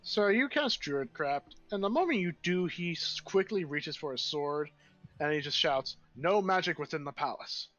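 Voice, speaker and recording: A man's voice: a little high, animated, normal speed, a bit bright, faint music behind. A man narrating as game master of a tabletop game, with dry teasing. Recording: dull lo-fi sound.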